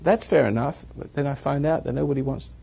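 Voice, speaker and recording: A man's voice: medium pitch, a little fast, creaky, warm tone, breathy edge. A man giving a rambling talk to a live audience, chuckling at his own jokes as he tells stories. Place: evening gathering with an audience.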